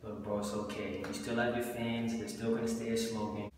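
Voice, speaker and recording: A man's voice: on the low side, little pitch movement, brisk, a little mellow, recorded from a distance, a little hiss or hum. A young man hosting an improvised comedy sketch, teasing the other characters in casual slang. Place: indoor room at home.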